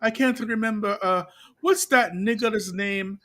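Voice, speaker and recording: A man's voice: high-pitched, a little slow, fairly bright tone. A man voicing an eager young male shop clerk who halts and searches for his words. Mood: amused.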